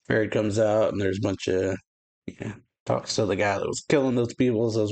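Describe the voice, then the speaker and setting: A man's voice: on the low side, fairly even intonation, normal speed, darkish tone. A man casually reading a comic aloud for a reaction video, with fillers and restarts. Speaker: reaction channel host.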